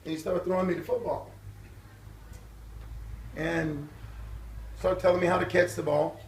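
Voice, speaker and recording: Older male guest speaker, very high voice, lively storyteller, miked from far off in a reverberant hall. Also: measured pace, a little hiss or hum. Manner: animated storyteller, acting out voices and shouts. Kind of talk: storytelling testimony at a church event. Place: church hall.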